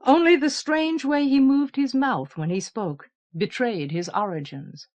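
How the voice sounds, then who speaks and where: Woman narrator for a fantasy audiobook: very slow, measured, steady delivery. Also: high voice, lo-fi sound. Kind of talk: scripted narration.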